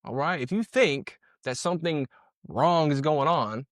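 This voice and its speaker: Breaking down police footage, this commentator speaks at a measured pace in a voice on the high side. The studio-quality audio has no echo, and his slangy, conversational delivery is full of repetition and sound-effect words he throws in.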